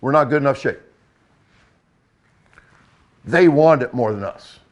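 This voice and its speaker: A man's voice: medium pitch, lively intonation, a little slow. An older man and football coach giving a blunt, emphatic talk, repeating key points for effect.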